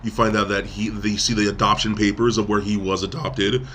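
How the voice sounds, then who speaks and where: A man's voice: fairly low pitch, level tone, brisk, a bit bright, a little hiss or hum. A man hosting a podcast, rambling through a casual movie recap and acting out quotes in between. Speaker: podcast host. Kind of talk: casual movie review chat.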